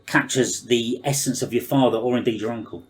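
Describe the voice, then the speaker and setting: A man's voice: mid-range voice, fairly quick, breathy edge. A man hosting a podcast, asking the guest questions in a hesitant, searching way. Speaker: podcast host. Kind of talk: interview questions.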